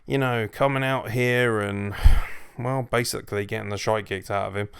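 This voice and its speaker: Blunt male reviewer with a gravelly yet smooth voice, dry close sound. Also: fairly low pitch, steady tone, normal speed, a bit bright, no room sound. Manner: blunt, sweary and emphatic. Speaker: wrestling show reviewer. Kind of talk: casual opinionated review.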